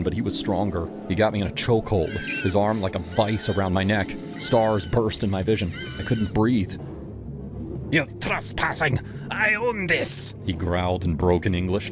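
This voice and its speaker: Deep-voiced man narrating horror. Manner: dramatic, tense storytelling. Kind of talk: scripted first-person horror narration.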